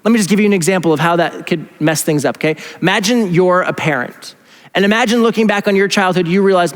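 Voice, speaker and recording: A man's voice: high-pitched, quick pace, in a large hall. A male pastor preaching a sermon in a casual, conversational way, acting out imagined inner voices. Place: church.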